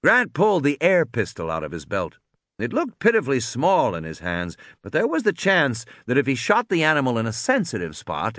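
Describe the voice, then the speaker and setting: A man narrating a story aloud, expressive, doing voices for the characters. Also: mid-range voice, dry recording, studio quality. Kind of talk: audiobook reading.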